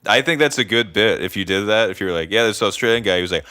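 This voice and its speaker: A man's voice: fairly low pitch, fast, sharp tone, dry recording, clean studio sound. A man co-hosting a podcast in casual chat, teasing his partner and laughing often. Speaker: podcast co-host.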